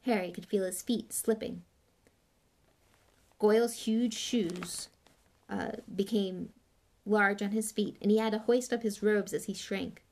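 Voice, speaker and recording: A woman reads a novel aloud with a gravelly, mid-pitched voice. She keeps a plain reading manner with small slips and restarts. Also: fairly even intonation, unhurried, pauses often, a little mellow. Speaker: audiobook reader.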